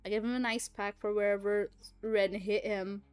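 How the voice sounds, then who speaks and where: A young woman livestreaming, telling a rambling, animated story full of fillers, swearing and laughter. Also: medium pitch, moderate pace, smooth. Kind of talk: casual storytelling chat.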